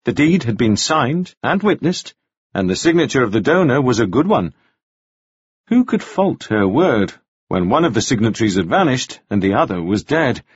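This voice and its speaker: A male narrator reads a novel in a measured, expressive way. His voice is husky, with a lively pitch. The recording is dry and sounds a little dull. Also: no room sound. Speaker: audiobook narrator. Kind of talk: scripted narration.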